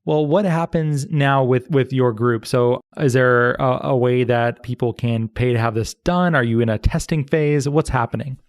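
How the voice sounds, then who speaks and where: A man hosting an interview show, asking questions in a light-hearted way with quick joking asides. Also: mid-range voice, steady tone, clear, resonant tone, no echo, studio quality. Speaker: podcast host. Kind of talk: casual interview chat.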